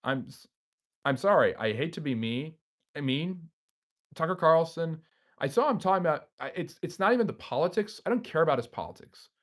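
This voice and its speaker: A man's voice: a little high, animated, brisk. A man hosting a history channel's live stream, reading viewer comments aloud and answering them off the cuff.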